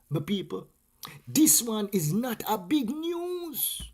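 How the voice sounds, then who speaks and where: Jamaican guy doing a casual livestream, animated, patois mixed in, keeps saying my people. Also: high-pitched. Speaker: vlog host. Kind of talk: casual live stream chat.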